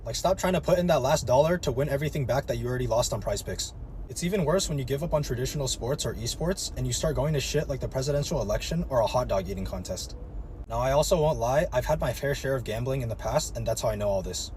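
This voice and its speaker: A man rants bluntly and profanely, talking at a fast clip. A faint background noise sits under his voice. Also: medium pitch, lively intonation, darkish tone. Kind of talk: rant to camera.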